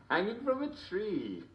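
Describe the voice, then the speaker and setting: A man's voice: medium pitch, dull audio. A man playing a jovial, constantly chuckling TV host, mock-cheerful and smarmy. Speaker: show host. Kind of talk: comedic character monologue.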